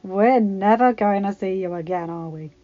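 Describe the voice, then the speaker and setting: A woman's voice: medium pitch, normal speed, close to an everyday voice. Sarcastic young cousin, dry and teasing, read by a woman, lo-fi. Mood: wry. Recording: slightly dull lo-fi recording.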